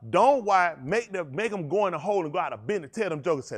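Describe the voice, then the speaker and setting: A male pastor preaching a sermon with comic stories, animated and joking, with bursts of shouting. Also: high-pitched, fast. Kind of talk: sermon with comic storytelling asides.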